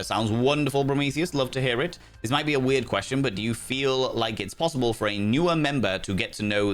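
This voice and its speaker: A man livestreaming a game and chatting casually with his viewers, theatrical and profane, with playful jumps into a high voice. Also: a bit bright. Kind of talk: casual live-stream chat with viewers.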